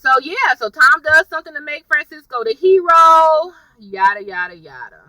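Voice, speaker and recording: A woman recaps a TV episode in loose, gossipy chat, often calling her viewers y'all. Her voice sits fairly high and rings very bright. She swings her pitch up and down with a lot of energy, recorded close and dry. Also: normal speed, no room sound, far from the mic, low-quality recording. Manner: chatty, animated, addresses viewers as y'all. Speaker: TV recap vlogger.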